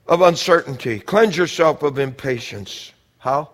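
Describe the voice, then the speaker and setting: A man preaching a sermon, moving from calm scripture reading to loud, shouted exhortation, repeating phrases for emphasis. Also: mid-range voice, moderate pace. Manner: swings from quiet teaching to loud shouted exhortation.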